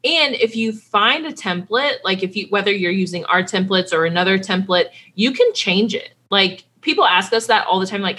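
A woman's voice: mid-range voice, animated, normal speed, few pauses, sharp tone, breathy edge. A woman in her late twenties, a lawyer guest on a chat show, bubbly and explaining things plainly. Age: 20s. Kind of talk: casual chat.

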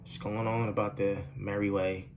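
A man's voice: on the low side, little pitch movement, moderate pace, background noise. A man hosting his own podcast, talking in a loose, profane, rambling monologue and laughing at his own jokes, recorded at home. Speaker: podcast host. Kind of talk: casual solo monologue.

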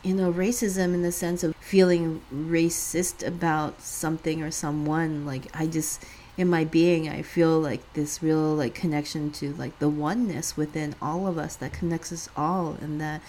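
A woman in her thirties co-hosting a podcast, telling a personal story casually, often laughing and getting animated when she quotes others. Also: sits low, moderate pace, a little hiss or hum. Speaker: podcast co-host.

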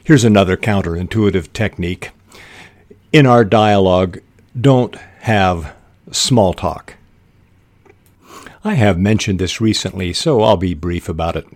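A middle-aged man talks through fiction-writing advice in a measured, unhurried way, reading short examples aloud. His voice sits on the low side. The recording is dry and close, with no room sound. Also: darkish tone, no echo. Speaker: writing podcast host. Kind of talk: instructional talk on fiction writing.

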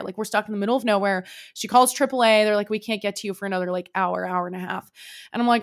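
A woman's voice: fairly high pitch, fast talker, fairly bright tone. A young woman hosting a podcast, telling a personal story in a chatty, casual way, full of fillers and swearing. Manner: chatty, swears freely, lots of "like". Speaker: podcast host.

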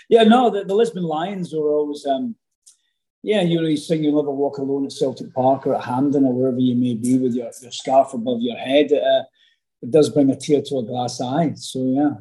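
A middle-aged Scottish man, an actor guest telling stories in a casual interview, animated and rambling with many fillers and restarts. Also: medium pitch, poor audio. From Scotland.

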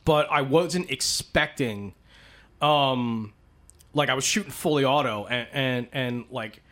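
A man's voice: mid-range voice, slow pace, a bit bright. A man in casual chat, telling rambling stories full of swearing. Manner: profane, rambling storyteller.

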